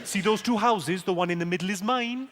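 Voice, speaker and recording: A man doing live stand-up, delivering deadpan one-liners and teasing the audience on a theatre stage. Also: high voice, fairly quick. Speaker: stand-up comedian. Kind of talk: live stand-up with crowd work. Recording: live show with loud audience noise.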